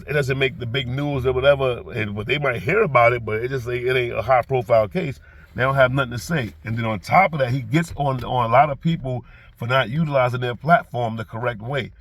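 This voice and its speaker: A man with a New York accent giving a casual commentary monologue as a reaction vlogger, rambling with repeated restarts and growing heated when he acts out quotes. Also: mid-range voice. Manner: gets loud and heated when acting out quotes.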